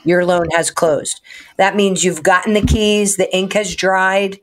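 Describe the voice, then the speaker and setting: A woman's voice: mid-range voice, little pitch movement, a little slow. A woman co-hosting a radio show who explains mortgage advice in a practical, casual way. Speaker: mortgage lender, radio co-host.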